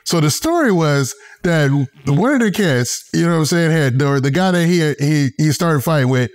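A man's voice: a little high, expressive, normal speed. A man hosting an interview in a laid-back, agreeable way, dropping frequent short affirmations. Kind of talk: casual interview chat.

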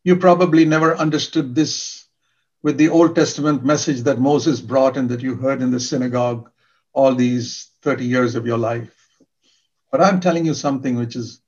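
A man's voice: mid-range voice, a little mellow, dull audio. An older man preaching a sermon in an earnest, emphatic way, repeating key words for stress.

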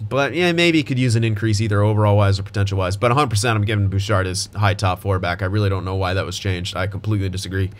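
A man's voice: fairly low pitch, quick pace, few pauses. A young man giving casual gameplay commentary as a gaming YouTuber, thinking aloud and restarting his sentences, with hiccups and voice cracks.

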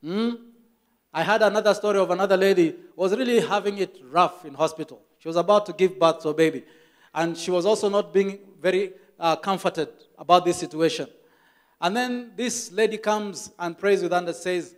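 Man, Kenyan accent, pastor, sermon storytelling, high voice, repeats phrases for emphasis. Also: a little fast. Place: church.

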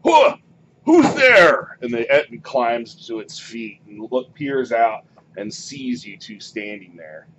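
Male game master, lowish voice, animated narration, lo-fi noisy recording. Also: a little slow. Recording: muffled lo-fi recording, background noise.

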